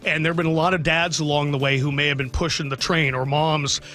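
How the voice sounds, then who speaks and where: A man's voice: fairly high pitch, fairly even intonation, quick pace, pushed and bright. A middle-aged man, a radio sports broadcaster, talking heartfelt and rambling about his son in a radio interview, choking up at times.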